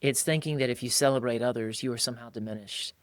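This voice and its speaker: A fast-talking man with a medium-pitched voice co-hosts a casual podcast, speaking colloquially, calling listeners "bro," and mimicking people's voices as he quotes them. The audio is studio quality with no room sound.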